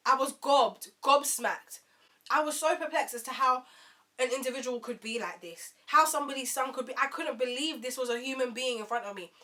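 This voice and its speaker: A young woman tells a storytime to camera. She is animated and chatty, turning often to her viewers. Her voice is bright and sits a little high. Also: brisk. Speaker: vlogger.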